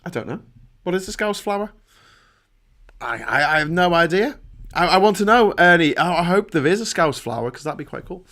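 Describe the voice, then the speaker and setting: A man's voice: on the high side, animated, brisk, bright, forceful tone. A middle-aged man hosting a live stream, chatting casually, joking and reading out viewer comments. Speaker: livestream host.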